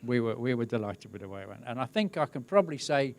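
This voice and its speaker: A middle-aged man, a crowd safety specialist, giving a webinar talk with relaxed, wry storytelling. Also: medium pitch, fast, gravelly, no echo. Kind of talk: webinar presentation, telling an anecdote.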